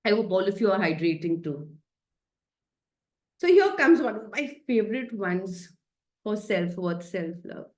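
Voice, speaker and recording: A woman's voice: medium pitch, big pitch swings, a little slow, pauses often, darkish tone. A woman, a happiness coach giving a chatty, playful self-care talk over a video call, often laughing and coaxing her listeners.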